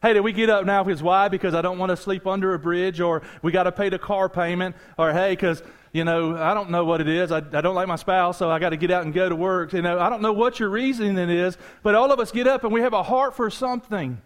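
A man preaching a sermon as pastor, animated and conversational, talking straight to his congregation with asides and jokes. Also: sits high, quick pace, hardly any pauses.

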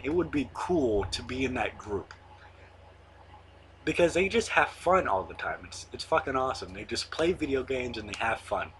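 A man's voice: mid-range voice, a bit bright, slight background noise. Rambling teenage guy hosting his own show. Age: late teens. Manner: rambling, filler-heavy, swears casually. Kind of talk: casual monologue to camera.

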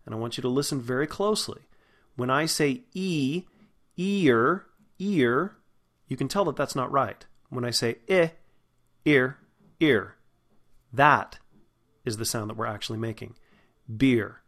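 A man's voice: medium pitch, a bit bright. Man patiently teaching vowel sounds. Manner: patient, demonstrates vowel sounds, stretches words slowly. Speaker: voice and diction teacher. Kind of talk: spoken vowel lesson.

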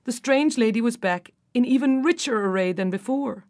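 A woman's voice: on the high side, moderate pace, darkish tone, voice pushed up, close to an everyday voice. A woman voicing two jealous older sisters in a storybook, complaining and indignant. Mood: aggrieved.

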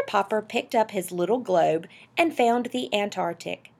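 A woman narrating a storybook aloud with an expressive reading. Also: fairly low pitch, unhurried, vocal fry, hardly any pauses, slightly rough. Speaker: audiobook narrator.

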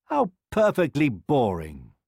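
A man voicing a stubborn little boy prince who protests loudly in a high voice. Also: huge pitch swings, slow pace, gravelly, slightly rough, no echo, studio quality, exaggerated voice. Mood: whiny. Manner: loud, whiny and high.

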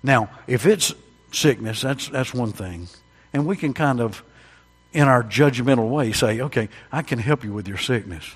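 Husky preacher in echoey hall. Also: male voice, medium pitch, animated, normal speed. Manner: preaching with sudden loud peaks and hushed drops, calls to the congregation. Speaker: pastor. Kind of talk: sermon. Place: church during an evening service.

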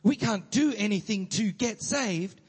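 Male preacher, high and husky, energetic and animated, recorded in a hall with long reverb. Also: unhurried. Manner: energetic, animated, with many restarts. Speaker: pastor. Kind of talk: sermon.

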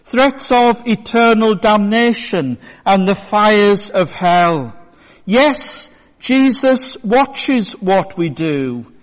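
A male pastor giving a sermon in a church, telling a story in a measured way. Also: sits high, animated. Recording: long church reverb.

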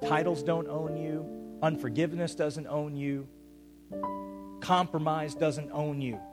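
Passionate pastor preaching over soft music. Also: male voice, on the high side, steady tone, measured pace. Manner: swings between loud urgent calls and quiet intimate asides. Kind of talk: sermon. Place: church hall with an audience.

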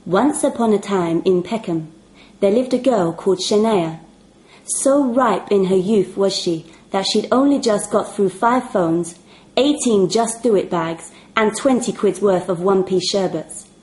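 Young woman reading a cheeky fairy tale, playful and expressive. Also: medium pitch, measured pace, poor audio. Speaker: narrator. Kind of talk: storybook reading.

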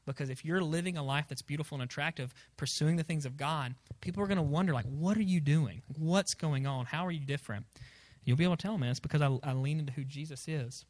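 Fast, rambling young pastor preaching. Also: male voice, a little high, a little mellow. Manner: rambling, restless, self-deprecating, many fillers. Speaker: youth pastor. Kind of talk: sermon to students.

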